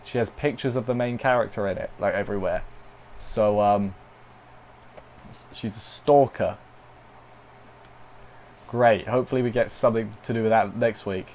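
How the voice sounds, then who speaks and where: A man's voice: fairly low pitch, fairly even intonation, moderate pace, pauses often, a little mellow, slight background noise, rough recording. A man casually reviewing an anime episode, rambling, with dry sarcastic asides.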